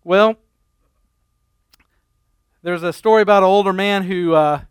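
A man preaching a sermon, a folksy storyteller telling humorous stories at an unhurried pace with frequent ums and restarts. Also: high voice, clear, resonant tone, no room sound. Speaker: pastor.

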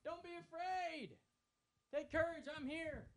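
A man voicing a calm, gentle teacher who speaks softly and reassuringly in a Bible story retelling. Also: high-pitched, normal speed, no room sound, pitched above the performer's own voice, heavily acted. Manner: soft, hushed, reassuring.

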